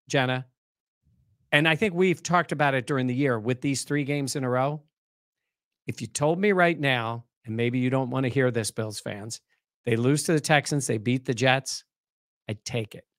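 A man co-hosting a sports talk show, breaking down the game in casual, animated conversation. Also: mid-range voice, measured pace, long pauses, dry recording, clean studio sound.

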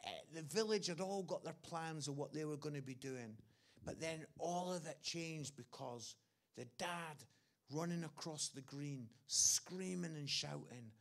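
English male preacher, high gravelly voice, earnest storytelling sermon with repeated phrases. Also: measured pace, a bit bright. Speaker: guest preacher.

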